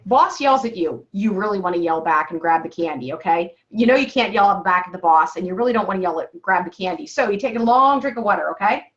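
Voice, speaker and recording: A woman health coach on a group call, encouraging and walking listeners through breathing steps, often checking in with "okay?". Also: mid-range voice. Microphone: call-in phone or computer mic. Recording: slightly dull, lo-fi call audio.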